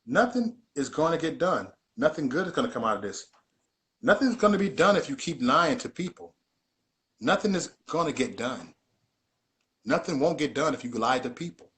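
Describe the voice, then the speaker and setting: A man's voice: fairly high pitch, expressive, normal speed, fairly bright tone. A man hosting a casual livestream, talking in an emphatic, repetitive, preachy way. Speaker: livestream host.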